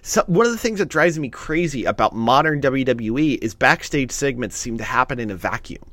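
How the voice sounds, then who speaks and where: A man's voice: medium pitch, brisk, no echo. Chatty man co-hosting a podcast. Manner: excited, chatty, swears freely. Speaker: podcast co-host. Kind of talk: casual chat.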